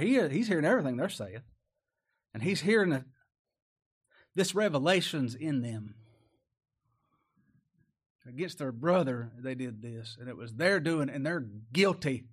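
A man preaching a sermon, reading old-style scripture and commenting in plain, folksy talk. He swings from loud emphatic peaks to low, quiet asides. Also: animated, moderate pace, long pauses, breathy edge. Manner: reads old-style scripture verses aloud.

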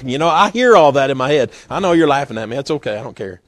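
A man preaching a sermon in a folksy, storytelling way, acting out scenes with sudden loud bursts. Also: mid-range voice, sing-song, fast.

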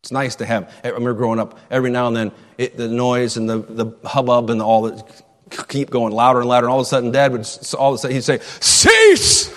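A man's voice: medium pitch, level tone, fast talker. A middle-aged male pastor preaching a sermon, repeating key phrases for emphasis. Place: church sanctuary. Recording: long reverb of a church hall.

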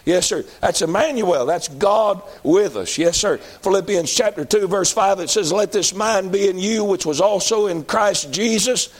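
A man's voice: sits high, moderate pace, few pauses. A man preaching a sermon in a folksy, emphatic manner.

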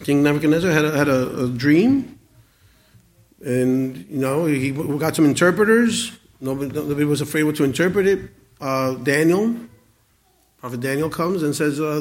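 A man in his forties preaching a sermon, earnest, with many stammered restarts and swings between loud emphasis and quiet asides. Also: a little high, moderate pace. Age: 40s. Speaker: pastor.

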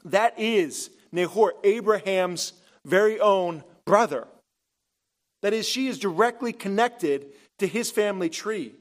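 A male pastor preaches in a notably high voice, building to loud, emphatic points. Then he drops to a hush for effect. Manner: emphatic, rising and dropping for effect. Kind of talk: sermon.

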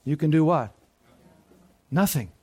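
A man preaching a sermon, often putting questions to the congregation and dropping to quieter asides. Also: a little high, lively intonation, measured pace. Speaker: pastor.

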